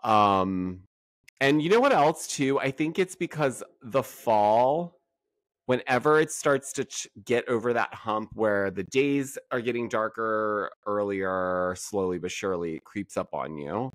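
A man's voice: fairly low pitch, expressive, a little slow, no room sound. A man chatting as a podcast guest, sounding worn out and exhausted, talking in a gossipy, easygoing way. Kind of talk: casual chat.

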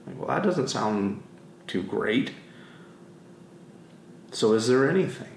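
A man preaching a sermon as pastor, telling stories in an animated way and acting out the voices he quotes. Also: fairly low pitch, slow, gravelly, pauses often, a little hiss or hum. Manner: animated storytelling, acts out quotes. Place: church sanctuary. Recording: roomy church with faint ambience.

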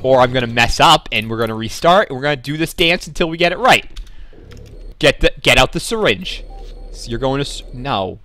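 A man's voice: mid-range voice, expressive, fairly quick, pushed and bright, faint music behind. A young man hosting a gaming video, giving sarcastic, jokey running commentary as he plays. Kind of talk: joking let's-play commentary.

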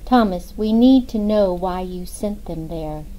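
A woman reading the part of a stern, calm male FBI director in an audiobook. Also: lowish voice, unhurried, natural voice, poor audio.

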